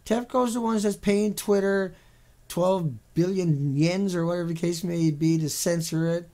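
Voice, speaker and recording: Gravelly, sarcastic ranting man. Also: high-pitched, steady tone, unhurried, a little mellow. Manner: mocking, sarcastic, repetitive. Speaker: video commentator. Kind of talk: sarcastic ranting commentary over pictures.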